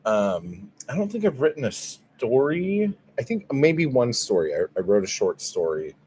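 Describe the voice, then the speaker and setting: A man's voice: mid-range voice, wildly swooping pitch, a little slow, a little mellow, a little hiss or hum. A man hosting a casual livestream, telling a story in a profane, exasperated way. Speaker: livestream host. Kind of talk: casual livestream chat, reading viewer comments.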